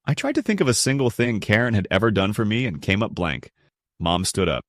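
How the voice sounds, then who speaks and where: Young man, first-person story narration, low voice, lively swings in pitch, dry close sound. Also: fairly quick, no echo. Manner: resentful, blunt.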